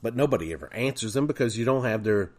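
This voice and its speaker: Male podcast host, casual storytelling, lively pitch, chatty. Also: fast talker. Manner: animated, chatty anecdotes.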